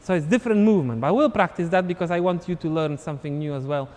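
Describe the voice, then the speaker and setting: A man's voice: a little high, fast, darkish tone, in a large hall. A man teaching a live online dance class, counting beats and scatting the steps aloud as he demonstrates. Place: dance studio.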